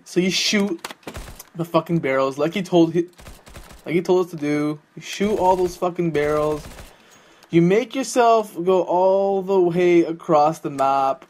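A young adult gaming YouTuber giving sarcastic, profane commentary in a mocking, excitable way. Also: medium pitch, a little slow, slight background noise.

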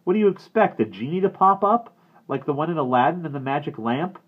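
A man voicing a scared teenage boy with a shrill, squeaky breaking voice. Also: animated, a little fast, breathy edge. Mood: anxious. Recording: tinny phone-like sound.

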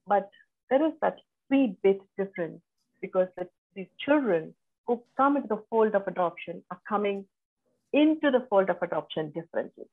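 A woman counselor moderating a panel talk show, agreeable and measured. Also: mid-range voice, breathy edge. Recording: tinny phone-like video call line.

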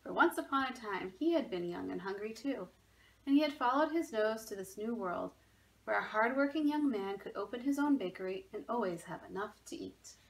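A woman's voice: mid-range voice, expressive, moderate pace, gravelly, low-quality recording. A woman, a museum education manager, reading a children's story aloud expressively from her home.

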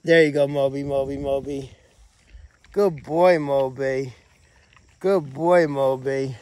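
Here a middle-aged man talks slowly, his medium-pitched voice fairly even, while livestreaming casually from a farm. As a sanctuary caretaker, he chats to the rescue pigs outdoors and calls their names loudly.

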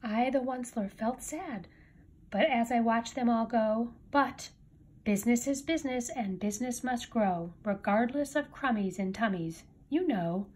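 A woman's voice: on the high side, a little slow, a little mellow, a little hiss or hum. A woman reading a rhyming picture book aloud with a rhythmic storybook delivery. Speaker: reader.

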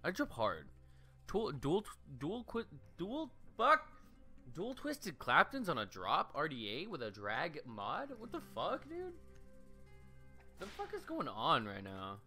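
A man's voice: medium pitch, sharp tone. A young man giving joking, profane gameplay commentary into a desk mic on a stand, with sudden shrieking outbursts. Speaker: gaming streamer.

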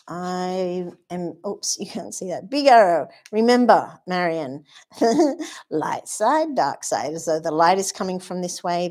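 Speaking in a lowish, somewhat mellow voice, a woman gives a live watercolour demonstration, chatting and thinking aloud as she paints and gushing over her colours and brushes.

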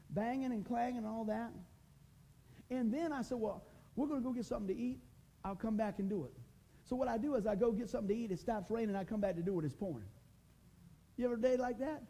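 A man preaching a sermon as pastor, folksy and animated, mixing humor and scripture with swings in volume. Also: high voice, slightly rough, rough recording.

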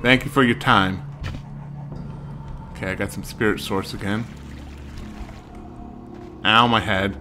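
A man's voice: lowish voice, normal speed, long pauses, music in the background. A man giving wry, joking running commentary while playing a video game. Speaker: let's play gamer. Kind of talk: casual gameplay commentary.

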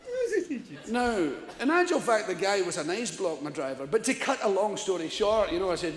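Performing live in a big, echoey theatre, an older Scot spins a stand-up tale in a high voice that swings widely in pitch and moves fairly quickly. Frequent laughter, free-flowing profanity, and impressions of the people he quotes fill the bit.

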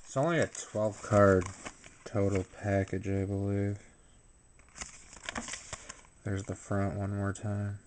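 A tired man casually narrating a card pack unboxing, low-key and unhurried. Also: level tone, noisy background. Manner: low-key, unhurried commentary with filler words. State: tired and sleepy. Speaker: YouTuber opening a card pack.

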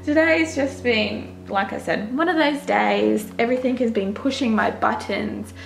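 A woman's voice: on the high side, a little slow, gravelly, slight background noise, low-quality recording. A young Australian woman chatting casually to viewers in a home vlog, recorded on a handheld camera. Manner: chatty, confiding to viewers, drops to a whisper at times. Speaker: vlogger mum. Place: house and backyard.

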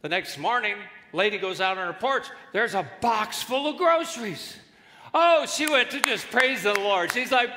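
A high-voiced man preaches a lively sermon, slipping into playful voices for the people in his stories. His tone is bright and forceful, and long reverb from the big church hall trails behind every line. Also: moderate pace, a little hiss or hum. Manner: animated storytelling, acts out voices in jokes. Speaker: pastor.

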